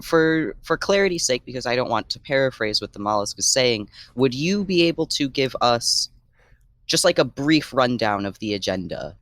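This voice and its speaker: A man's voice: mid-range voice, fairly bright tone, no echo, voice pushed up, close to an everyday voice. Man playing a pedantic stickler, hesitant, lots of ums, precise wording, dry close sound, tabletop role-play. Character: earnest, pedantic man asking procedural questions.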